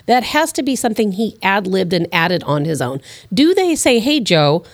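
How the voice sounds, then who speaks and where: A woman's voice: medium pitch, moderate pace, no echo. A woman co-hosting a political talk show, explaining her views earnestly in a conversational way. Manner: earnest, explanatory, lively intonation.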